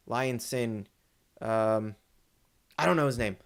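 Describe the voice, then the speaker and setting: A young man talks through a film he just saw in a loose, rambling way, full of ums and restarts. His voice sits at an ordinary middle pitch, and he gets excitable and hyped when he reaches the parts he loved. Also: unhurried, clear, resonant tone. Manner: excitable, rambling, many fillers. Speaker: movie reviewer. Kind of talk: casual spoiler movie review.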